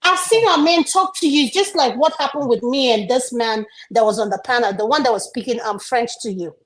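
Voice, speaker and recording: Emphatic high-voiced African woman. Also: fairly quick, low-quality recording. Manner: emphatic, opinionated. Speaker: panelist. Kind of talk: casual panel discussion.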